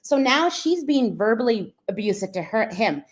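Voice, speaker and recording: A woman's voice: on the high side, sing-song, normal speed. Chatty woman commentary host. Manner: chatty, lots of "like", explaining. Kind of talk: casual reaction commentary.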